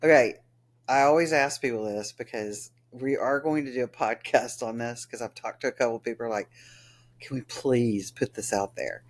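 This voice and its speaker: A woman's voice: extremely low pitch, normal speed. A woman hosting a podcast, encouraging her guest with short replies in a casual interview. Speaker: podcast host.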